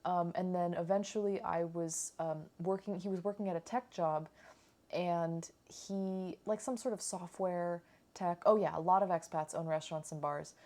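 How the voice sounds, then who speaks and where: A woman's voice: lowish voice, fairly even intonation, moderate pace, darkish tone. A woman chatting casually in a food vlog, rambling with lots of fillers as she tells a story. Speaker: food vlogger.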